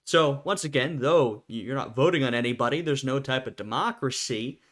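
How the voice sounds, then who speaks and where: A man's voice: medium pitch, fairly quick, a bit bright. A young man, the host, giving casual commentary on a video and thinking aloud as he talks. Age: young adult. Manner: conversational, thinking aloud with fillers and restarts.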